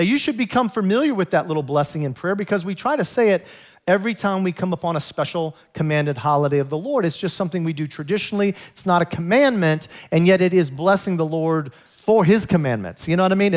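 A man with a high-pitched voice preaching a sermon in a church sanctuary. He is an excitable, animated pastor who laughs with his congregation and mixes scripture with humor. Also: fairly quick.

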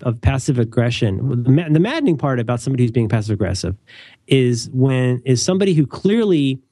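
This young adult podcast co-host keeps a casual talk show going with rambling chat, wry asides and frequent self-corrections. His medium-pitched voice has a warm tone, and the recording is studio quality with no echo.

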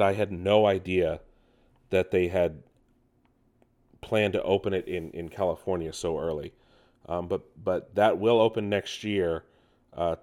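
Deep-voiced male podcast host, rambling and casual, lots of filler words. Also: darkish tone. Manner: loose, rambling delivery full of ums and restarts. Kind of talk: casual gaming news podcast.

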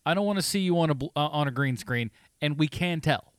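A man co-hosting a podcast, chatting casually about movies, animated and swearing freely. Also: a little high, fast talker, a little hiss or hum. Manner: animated, swears freely, acts out his reactions. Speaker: podcast co-host. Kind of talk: casual movie review chat.

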